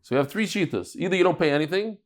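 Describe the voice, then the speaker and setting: A man giving a daily Talmud lecture, explaining cases and telling jokes in a lively, storytelling way. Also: high voice, very fast. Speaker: Talmud teacher.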